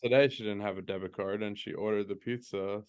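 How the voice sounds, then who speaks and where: A man's voice: lowish voice, fairly even intonation, a little fast, a little mellow, smooth. A man co-hosting a podcast, chatting casually and adding details to his wife's stories. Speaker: podcast co-host. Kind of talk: casual chat.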